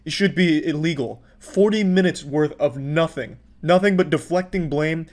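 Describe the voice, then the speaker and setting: A man's voice: fairly high pitch, normal speed. A man giving profane, sarcastic commentary, exasperated as he mocks what he has watched. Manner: sarcastic, exasperated, swears freely. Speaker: commentary youtuber.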